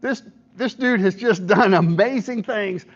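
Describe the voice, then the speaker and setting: Speaking a little slowly in a high-pitched voice, a middle-aged pastor gives an informal devotional at a men's breakfast held in a church hall. He keeps checking in with his audience and retells stories with quoted voices. The audio is dull and lo-fi.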